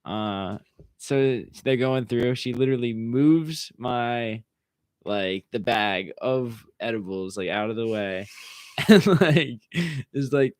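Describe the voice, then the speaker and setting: A man's voice: mid-range voice, measured pace, dry recording. Laid-back young man from Maryland. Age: young adult. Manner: laid-back storytelling, lots of fillers. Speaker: guest. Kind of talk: casual chat.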